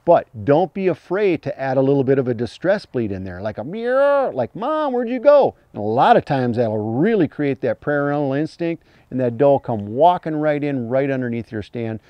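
A man teaching hunting calls in a plain-spoken, folksy way, breaking into high imitated fawn cries as he explains. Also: lively intonation, brisk, hardly any pauses, dry recording, dull audio. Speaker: hunting call instructor. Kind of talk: instructional talk.

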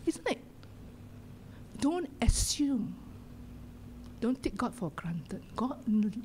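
A woman's voice: fairly high pitch, slight background noise. Singaporean woman pastor preaching passionately. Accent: Singaporean English. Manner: impassioned, shifts between loud exhortation and hushed whispers. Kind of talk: sermon. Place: church sanctuary.

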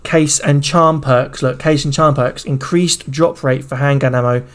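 A man streaming, reacting excitedly to a game trailer in casual, profanity-laced commentary. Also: medium pitch, a little slow. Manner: excitable, swears freely, talks over the video.

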